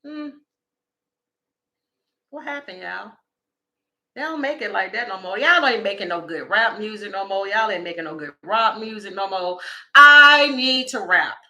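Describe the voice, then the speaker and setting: A woman, doing a casual livestream tarot reading and talking straight to her viewers in a chatty, animated way. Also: mid-range voice, measured pace, pauses often. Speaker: tarot reader.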